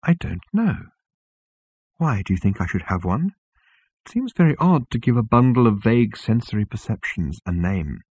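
A man's voice: on the low side, very animated, normal speed, slightly rough, no room sound, heavily acted. Man reading as a dreamy, vague old hermit. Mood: musing. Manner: mild, musing, softly questioning.

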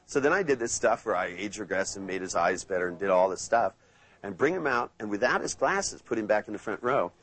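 Guy teaching a hypnosis seminar, low husky voice, joking around then going slow and hypnotic. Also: expressive, a bit bright, low-quality recording. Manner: playful, slows into a low hypnotic tone for trance suggestions. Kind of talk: live seminar teaching with anecdotes. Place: seminar room with live audience.

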